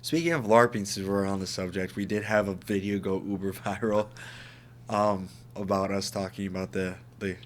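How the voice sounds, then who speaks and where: A man's voice: low-pitched, fairly even intonation, moderate pace, a little hiss or hum. A young man co-hosting a podcast, telling stories in casual chat with lots of swearing and laughter. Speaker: podcast co-host.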